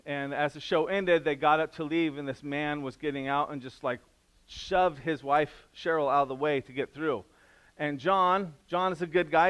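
A man's voice: fairly high pitch, clear, resonant tone. A middle-aged man preaching a sermon as pastor, in a casual, conversational way. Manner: casual, conversational preaching with restarts and acted-out quotes; drops to a soft, quiet voice in prayer.

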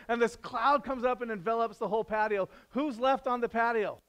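A man preaching a sermon in a conversational way, climbing to loud, emphatic peaks and dropping to soft, low passages. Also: fairly quick, few pauses, smooth. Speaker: pastor.

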